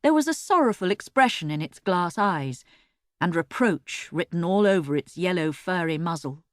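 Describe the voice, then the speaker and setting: A woman narrating a children's storybook in an expressive, lively way, recorded close on a studio mic. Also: lowish voice, normal speed, no echo. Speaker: audiobook narrator.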